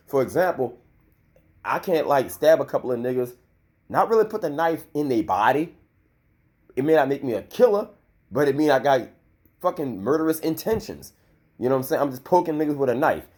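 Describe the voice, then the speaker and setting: A man's voice: medium pitch, lively intonation, fairly quick, a little mellow. A man in his thirties giving a loose, heated and profane commentary rant, full of filler. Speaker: vlogger.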